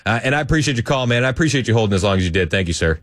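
A man's voice: mid-range voice, expressive, very fast, a bit bright, dry recording, clean studio sound. A man, hosting a talk radio show in a chatty, joking way with frequent laughter.

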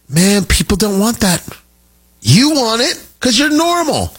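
Animated, high-voiced male talk host. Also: a little slow, breathy edge. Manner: animated, emphatic, sarcastic. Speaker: radio talk show host. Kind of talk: opinionated political talk.

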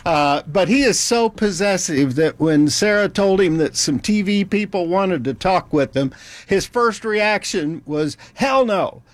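A man's voice: high voice, measured pace, no room sound. A man hosting a talk show, wry and joking, laughing between his lines. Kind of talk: casual talk show banter.

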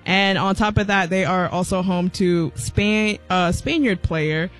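A woman's voice: fairly low pitch, unhurried, soft background music. A woman on the radio show's team chatting casually and playfully, giggling as she talks. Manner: giggly, playful, fake British accent at times. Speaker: show team member.

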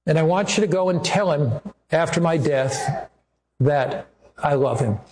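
A man's voice: a little high, a little slow, a little mellow, close to an everyday voice. A man voicing a desperate young woman caller who pleads and confesses her guilt. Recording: echoey room.

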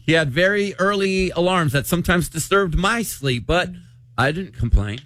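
A man's voice: high-pitched, expressive, moderate pace, fairly bright tone, dry recording. A man hosting a morning radio show in a casual, chatty way, reading out a listener's letter. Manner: chatty, laughs easily, many restarts.

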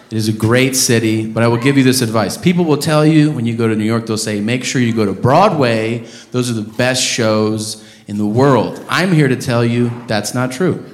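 A man performing a stand-up comedy set, loud and profane, breaking into shouted rants. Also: mid-range voice. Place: comedy club stage. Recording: roomy live club recording with audience noise. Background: audience laughter.

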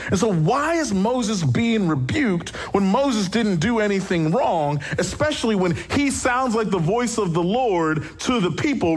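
Husky-voiced man preaching conversationally. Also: high voice. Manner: animated, conversational preaching with quick asides. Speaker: pastor. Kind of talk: sermon.

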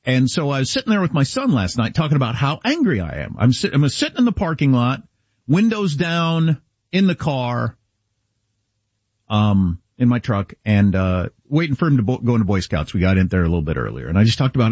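Guy from kansas telling a story on a talk show, voice jumps all over, kinda husky, dull dry sound. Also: medium pitch, fairly quick, no echo. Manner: animated, storytelling, quoting dialogue. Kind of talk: casual storytelling chat.

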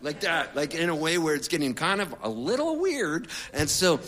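A middle-aged man, a singer-songwriter, telling a rambling comic story to an audience in a conversational, animated way. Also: a little high, normal speed.

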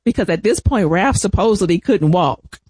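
A man telling family caregiving stories in an animated, laughing manner. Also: high-pitched, breathy edge, no room sound. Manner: animated storyteller, laughs often, drawn-out emphasis. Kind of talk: casual family storytelling.

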